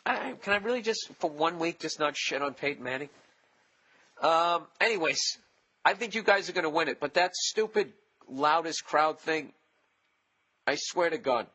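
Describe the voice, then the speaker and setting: A man in his forties with a Boston accent, hosting a solo podcast in a profane, sarcastic comic rant that jumps up loud when he mocks people. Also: a little high. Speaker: podcast host.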